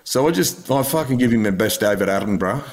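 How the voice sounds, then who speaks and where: A man's voice: on the low side, lively intonation, fast. An Australian man, a podcast guest, telling blunt stories, swearing freely and laughing along. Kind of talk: casual storytelling interview.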